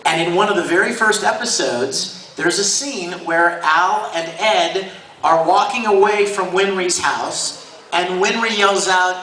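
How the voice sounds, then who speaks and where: A man's voice: high voice, unhurried, bright, forceful tone. A man, a voice actor guest at a convention panel, telling stories to the audience with enthusiasm and frequent laughter. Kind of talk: animated storytelling to an audience. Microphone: handheld camera in the audience. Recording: echoey hall recorded from far off, noisy.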